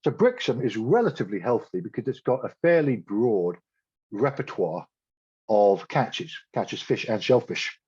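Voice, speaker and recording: A man's voice: mid-range voice, sing-song, unhurried, a little mellow, husky, dull audio. A man giving a public science talk as a guest speaker, blunt with sardonic asides.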